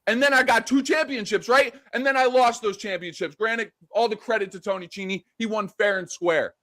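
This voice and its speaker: Taunting, profane high-voiced man. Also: a little fast, fairly bright tone. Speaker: professional wrestler. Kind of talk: in-character wrestling trash talk.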